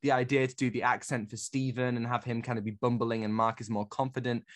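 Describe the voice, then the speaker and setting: A man in casual conversation on a review podcast, speaking at an ordinary middle pitch. He talks with enthusiasm and throws in quick asides. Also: little pitch movement. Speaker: podcast co-host.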